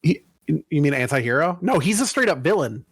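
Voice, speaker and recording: A man co-hosting a casual gaming podcast, ranting with blunt profanity and quick asides into a close mic. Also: a little high, very animated, husky, no echo. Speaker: podcast co-host.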